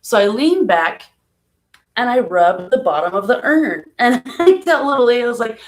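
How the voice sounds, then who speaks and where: Soft-spoken woman vlogging about grief. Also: a little high, lively intonation, normal speed, slight background noise. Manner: emotional, soft-spoken, laughs through sadness. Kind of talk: casual vlog, talking about grief. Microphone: live stream from home.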